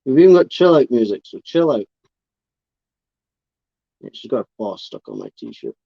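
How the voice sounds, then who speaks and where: A man's voice: medium pitch, huge pitch swings, quick pace, creaky, mellow, no room sound. A man hosting a casual livestream, chatting fondly about his pet spider and cooing at her now and then. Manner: chatty, fond baby talk to his spider. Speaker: livestream host showing pet reptiles and spiders. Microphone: camera on a tripod, close by. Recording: dull, slightly lo-fi sound.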